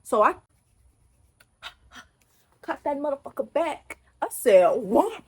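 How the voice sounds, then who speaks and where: A young woman vlogger from Texas tells an animated, emphatic, profane storytime in casual talk. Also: sits high, slow.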